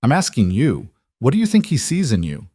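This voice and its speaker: A poised Italian-American matriarch in her sixties, as a male narrator puts her on, refined and quietly commanding. Her faint old Italian accent sits under every measured question. The voice rides noticeably higher than a man's usual speech, recorded close with no room sound. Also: wildly swooping pitch, husky, dry recording. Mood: interrogating. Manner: cultured, refined, coolly probing.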